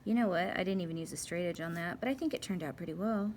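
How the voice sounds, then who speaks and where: Working through graphing problems, a young female math teacher chats casually and playfully to herself. She talks fast in a lowish, slightly mellow voice, and there's a little hiss or hum.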